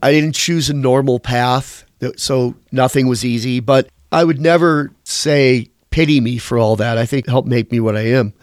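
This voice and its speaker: A man in his fifties, a former band bassist, telling candid, profane stories in a rambling interview. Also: moderate pace, hardly any pauses, no room sound, studio quality.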